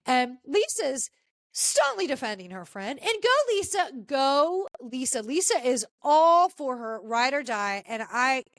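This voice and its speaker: A woman's voice: sits high, very animated, a little slow, a bit bright, dry recording. A woman hosting a podcast, chatting casually and with strong opinions as she recaps a reality TV episode. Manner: chatty and opinionated, talking straight to cast members. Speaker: podcast host.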